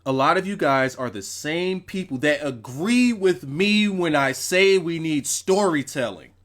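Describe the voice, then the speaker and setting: A young man hosting a casual, profane, animated wrestling review livestream, repeating himself for emphasis. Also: on the high side, a little slow. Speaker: wrestling show reviewer, host.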